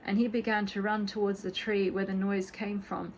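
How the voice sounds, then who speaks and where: A woman reading a children's storybook aloud in a gentle, expressive bedtime-story manner. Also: medium pitch, moderate pace, a little hiss or hum, rough recording.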